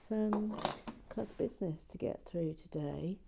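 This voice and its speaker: Slow, mellow woman chatting while building. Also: low voice, creaky, a little hiss or hum. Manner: chatty and playful, drifting into soft whispered asides. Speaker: host of a brick-building channel. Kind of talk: relaxed building vlog chat with viewers.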